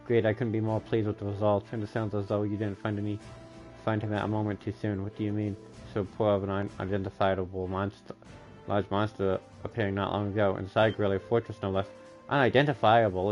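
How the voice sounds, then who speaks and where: A man's voice: lowish voice, a little mellow. A man streaming live, reading game dialogue aloud and often correcting himself mid-line. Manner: reads lines aloud with frequent self-corrections.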